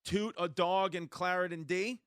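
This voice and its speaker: A man co-hosting a casual comedy podcast, reading out listener names in quick deadpan bursts. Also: high-pitched, smooth, no echo, clean studio sound. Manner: reads fan names in rapid deadpan bursts. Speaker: podcast co-host.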